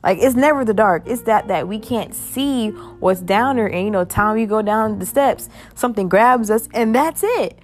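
A woman in her twenties hosting her own podcast, talking in a chatty, upbeat and animated way. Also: fairly high pitch, normal speed, hardly any pauses, soft background music. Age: 20s. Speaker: podcast host. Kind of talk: casual solo podcast chat.

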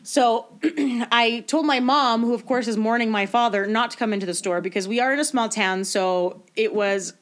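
A woman's voice: fairly high pitch, normal speed. A young woman from Canada co-hosting a casual chat, talking freely, laughing often and acting out the people she quotes. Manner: chatty, laughs often, acts out quoted voices. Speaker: podcast co-host.

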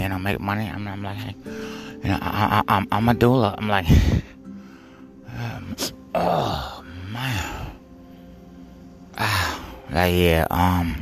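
Man, very low voice, rambling monologue, stammers and repeats, music playing behind. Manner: halting, stammering, repeats words, heavy fillers; profane, offhand.

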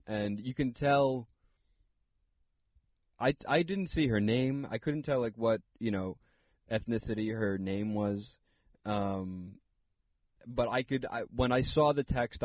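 A man's voice: fairly low pitch, dry recording. A young man hosting a solo comedy podcast, telling a rambling story full of fillers and asides. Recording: dull lo-fi dry sound.

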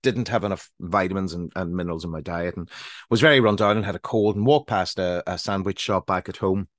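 A man's voice: low voice, brisk, no echo, clean studio sound. A man in his forties with a Northern Irish accent, co-hosting a podcast and telling rambling personal stories. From Northern Ireland. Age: 40s. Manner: rambling, anecdotal storytelling. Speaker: podcast co-host. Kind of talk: casual chat.

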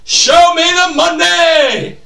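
A man imitating a brash football player from a film, yelling in a loud high chant. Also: a little slow, reverberant, far from the mic. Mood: hollering.

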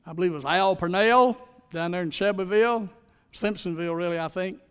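A man's voice: high voice, fairly quick, clear, resonant tone, long reverb tail. A man preaching a sermon as pastor, in a folksy, storytelling manner.

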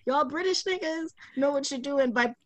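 A woman in her twenties, a podcast guest, telling a story in casual chat, animated and slangy, acting out the voices she quotes. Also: high voice, moderate pace.

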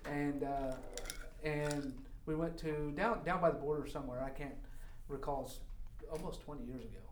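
Guy w a high voice laughing thru his dirt bike story, echoey and far from the mic. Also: steady tone, normal speed, a little hiss or hum. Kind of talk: casual storytelling.

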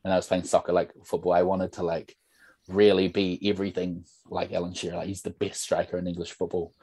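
A man's voice: low-pitched, flat delivery, a little fast, a little mellow, breathy edge, no room sound. A young man, a podcast guest telling stories in a casual, rambling way full of "like" and "bro". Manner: rambling storyteller, lots of "like" and "bro". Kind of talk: casual chat.

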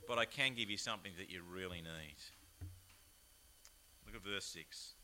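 A man with an Australian accent, preaching a chatty, animated sermon with plenty of rhetorical asides. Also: sits low, moderate pace, long pauses, slight background noise. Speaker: pastor. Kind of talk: lively sermon.

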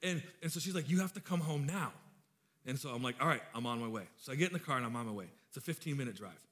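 A man's voice: mid-range voice, expressive, very fast, pushed and bright. A man in his thirties preaching a sermon, informal and joking, telling stories to his congregation. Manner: joking storyteller, chatty and informal. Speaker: pastor.

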